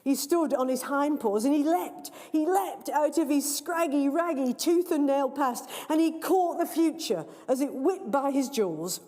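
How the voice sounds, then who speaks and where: A woman reads her own story aloud at a live event, expressive and measured. Her voice is mellow and somewhat high. The long reverb of a large library hall trails each phrase. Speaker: author reading her story.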